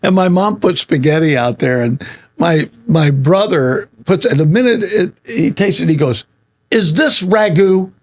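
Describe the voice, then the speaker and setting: A man co-hosting a radio show chat, telling family stories in an animated way and laughing often. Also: a little high, moderate pace. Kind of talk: casual chat.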